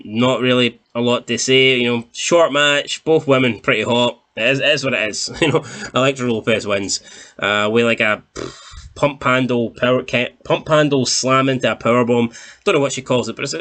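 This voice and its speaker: A man's voice: mid-range voice, a bit bright. A man casually recapping a wrestling show, rambling with many fillers and restarts and swearing now and then.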